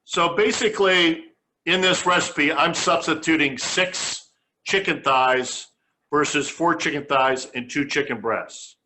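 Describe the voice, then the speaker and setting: Male cooking host, bright crisp timbre, homespun and conversational. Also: a little high, measured pace, slight background noise. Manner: chatty, homespun, stops and restarts phrases. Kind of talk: casual cooking demonstration.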